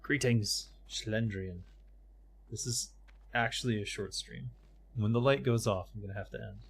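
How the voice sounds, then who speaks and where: On a casual live gaming stream, a middle-aged man mutters to himself mid-game and then chats openly with his audience. His voice is lowish and slightly rough with vocal fry, fairly even in intonation, and moderate in pace; he's a game streamer and voice-over narrator.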